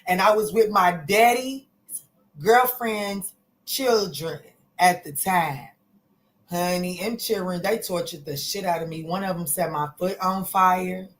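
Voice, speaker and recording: A woman's voice: on the low side, measured pace, poor audio. Chatty woman doing a casual tarot reading. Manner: chatty, folksy, calls listeners baby and honey, curses freely. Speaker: tarot reader.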